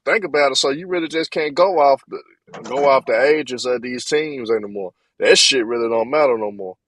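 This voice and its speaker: A man's voice: mid-range voice, normal speed, a bit bright, dry recording, rough recording. A man co-hosting a casual basketball talk, emphatic and slangy, repeating his points. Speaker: sports podcast co-host. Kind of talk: casual sports debate.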